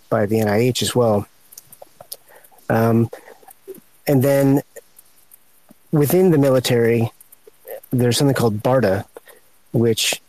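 A man on a podcast explaining government research agencies hesitantly, with many pauses and fillers. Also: mid-range voice, a little mellow, no room sound, poor audio. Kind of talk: casual explanation.

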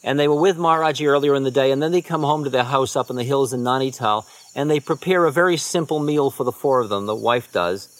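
Relaxed man telling spiritual stories. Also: medium pitch, fast, few pauses. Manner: relaxed, conversational, dropping to quiet asides. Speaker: spiritual teacher. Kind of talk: storytelling talk.

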